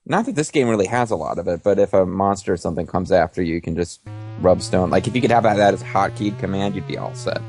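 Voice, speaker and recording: A man's voice: sits low, expressive, fast, a little mellow, faint music behind. A man co-hosting a game playthrough, joking and explaining the mechanics in casual commentary. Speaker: let's play co-host.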